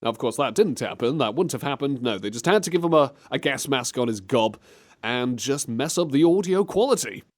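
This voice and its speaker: A young man co-hosting a community radio show, riffing in loose comedic banter. He rambles, his pitch swinging lively up and down. The sound is a radio studio mic. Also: brisk. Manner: animated, rambling, slips into silly mock voices. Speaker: radio host.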